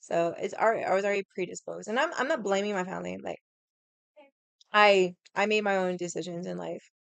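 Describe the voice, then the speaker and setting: A woman's voice: medium pitch, a little fast, creaky, dry recording. A woman telling a story in casual chat, blunt and profane, rambling with lots of "like". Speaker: vlogger.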